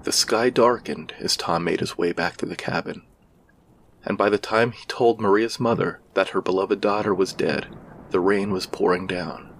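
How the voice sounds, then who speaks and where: A man with a fairly low voice tells an old ghost legend as scripted narration. His delivery is measured and somber, paced like a storyteller. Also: steady tone, a little hiss or hum.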